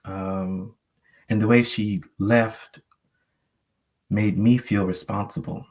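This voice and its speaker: A man's voice: on the low side, fairly even intonation, slow, darkish tone. A man sharing a personal story earnestly on a panel, rambling with many fillers. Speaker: panel guest.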